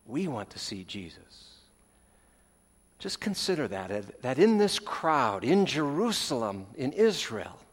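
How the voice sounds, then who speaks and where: A man preaching a sermon as pastor, earnest with dramatic pauses, letting phrase ends fall soft, with folksy asides. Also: fairly high pitch. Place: church sanctuary. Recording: long hall reverb, church sanctuary.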